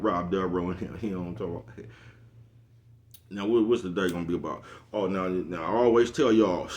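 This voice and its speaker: Man, quick rambling vlog talk, deep voice, laughs at his own jokes. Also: darkish tone. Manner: rambling, repeats "you know what I'm talking about". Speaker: vlogger. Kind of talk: casual monologue.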